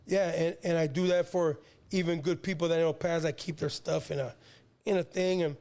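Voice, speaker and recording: A man in his fifties with a high, gravelly voice tells a personal story as a guest. He rambles, restarts and repeats words, leaning on street slang. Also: fairly even intonation, fairly quick, a little mellow. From San Diego, California. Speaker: interview guest, rapper. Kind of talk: casual storytelling.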